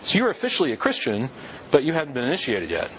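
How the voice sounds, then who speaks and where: A man's voice: mid-range voice, huge pitch swings, quick pace, a bit bright, highs cut off, slight background noise. A man giving a classroom lecture on church history, talking conversationally and firing rhetorical questions at his listeners.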